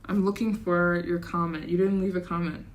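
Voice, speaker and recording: A woman chats loosely on her travel livestream, reading out donations and answering viewers. Her voice sits a little on the low side, and she talks in an easy, rambling way. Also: flat delivery, normal speed. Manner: chatty, reads donations aloud, rambling asides; slips into a put-on accent at times. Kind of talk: casual livestream chat.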